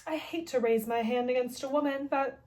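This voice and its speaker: A woman voicing a taunting male mad-scientist villain, paraphrasing his lines casually with lots of "like", in a high voice. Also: fairly even intonation, brisk, a little mellow, lightly acted. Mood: mocking.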